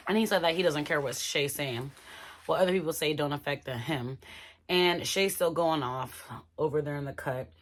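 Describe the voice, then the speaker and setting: Low-voiced woman chatting to viewers. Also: normal speed. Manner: chatty, addresses viewers as y'all. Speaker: reality TV recap vlogger. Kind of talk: casual reaction recap.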